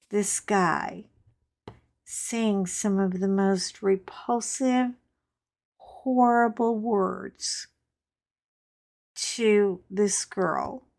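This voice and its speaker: Unhurried chatty woman telling stories. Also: mid-range voice, gravelly. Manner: chatty, animated storyteller with frank asides. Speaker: crafting channel host. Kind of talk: casual storytelling chat while crafting.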